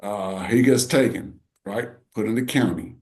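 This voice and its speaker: A man's voice: on the low side, unhurried, vocal fry, a little mellow. A middle-aged man co-hosting a podcast, telling an emotional family story in a rambling, casual way. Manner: rambling, full of "you know" and "right". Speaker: podcast co-host.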